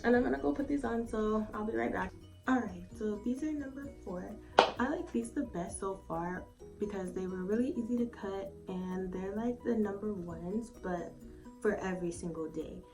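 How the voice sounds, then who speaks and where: Speaking at normal speed in a mid-range voice with a darkish tone, a beauty vlogger gives a loose, rambling review from home. She chats easily, swears without holding back, and says "like" and "um" a lot. The recording has a slightly distant mic and faint music.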